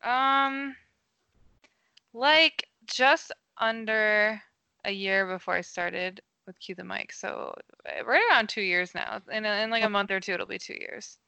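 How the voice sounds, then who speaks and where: A woman's voice: medium pitch, unhurried, gravelly, pushed and bright, clean tone, no echo, lo-fi sound. A young woman, the show's associate producer, chatting casually on radio with lots of laughter and filler words. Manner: giggly, rambling, uses like and um. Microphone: studio microphone.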